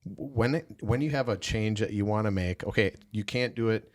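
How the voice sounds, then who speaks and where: A man's voice: fairly low pitch, fairly quick, no room sound, studio quality. A man from Wisconsin hosting a podcast, musing through questions with frequent restarts. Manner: musing, hesitant, with many restarts. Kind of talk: conversational podcast interview.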